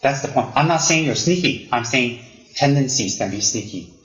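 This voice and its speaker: A man teaching Buddhism to students, animated and teasing, often repeating himself for emphasis. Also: medium pitch, moderate pace. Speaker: Buddhist lama. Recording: roomy, dull lo-fi hall recording.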